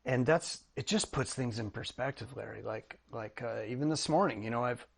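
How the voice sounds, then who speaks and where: A middle-aged man talks with earnest, reflective enthusiasm, circling back and restarting sentences. His voice sits at a medium pitch. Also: moderate pace, vocal fry. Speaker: podcast guest, drumming coach. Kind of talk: casual interview conversation.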